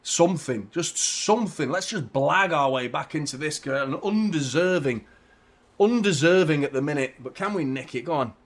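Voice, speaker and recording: A man hosting a live football watchalong, talking casually to his audience, often swearing and getting loud and frustrated about the match. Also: a little high, normal speed. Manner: ranting, swearing, frustrated, shouting when excited. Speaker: football channel host.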